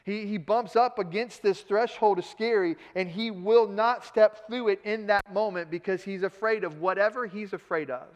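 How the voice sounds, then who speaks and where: Casting: male pastor with a high voice, lively sermon delivery, long hall reverb. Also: normal speed, few pauses. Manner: animated, acts out Peter's lines in a casual modern voice; repeats words when excited. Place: church sanctuary.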